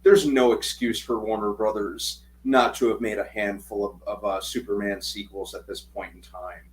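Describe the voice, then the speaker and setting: A man's voice: lowish voice, steady tone, normal speed, a little hiss or hum, low-quality recording. A man co-hosting a podcast, chatting casually and eagerly, often restarting his sentences. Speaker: podcast co-host. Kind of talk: casual chat.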